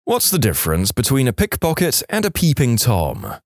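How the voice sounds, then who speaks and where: A man reads jokes aloud with a wry, animated delivery, and his pitch swings widely. The recording is dry and close-miked, with no room sound. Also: normal speed, vocal fry, dry recording. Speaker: podcast joke narrator.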